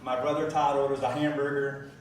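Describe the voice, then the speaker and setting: A middle-aged man speaking at a memorial gathering, reminiscing with frequent pauses and fillers. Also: medium pitch, level tone, slight background noise. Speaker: eulogy speaker. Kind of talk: memorial speech. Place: large room at a gathering. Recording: distant mic in echoey room.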